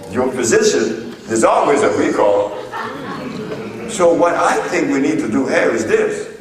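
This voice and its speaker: A man giving a storytelling lecture to an audience, slow and deliberate as he recounts his exchanges in court. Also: mid-range voice. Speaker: speaker addressing an audience. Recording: echoey hall, voice from far off.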